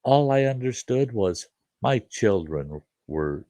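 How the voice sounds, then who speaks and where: A man's voice: mid-range voice, very animated, takes it slowly, mellow, no room sound. A man hosting a livestream, telling a story in a casual, folksy way and often repeating "I said" as he retells what happened. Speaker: livestream host. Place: farm.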